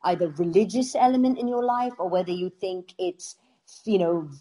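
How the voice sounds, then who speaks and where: Woman, middle-aged, from the UK, actress guest, animated storytelling, warm mellow voice. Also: fairly low pitch, moderate pace. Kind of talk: casual interview chat.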